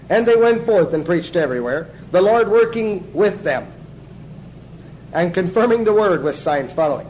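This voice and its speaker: A man's voice: high-pitched, a little mellow, a little hiss or hum, rough recording. A man teaching a Bible class in sermon style, emphatic, asking the class questions and answering them himself.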